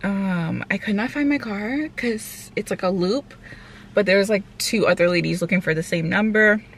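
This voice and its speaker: A young woman talks casually to her vlog audience at a medium pitch. She rambles, filling her talk with "like" and "um". A faint hiss of background noise sits under her voice. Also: moderate pace. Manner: chatty, rambling, heavy on fillers. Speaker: vlogger.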